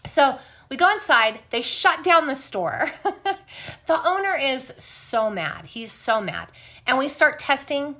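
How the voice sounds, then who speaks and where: A woman host telling a story in casual, blunt talk, animated and swearing freely. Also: sits high, slow. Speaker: podcast host.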